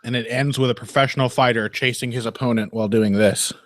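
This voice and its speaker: A man's voice: medium pitch, fairly even intonation, fast talker, dry recording. Teasing man on a dry podcast mic. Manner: teasing, laughs a lot. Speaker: podcast co-host. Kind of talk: casual podcast chat.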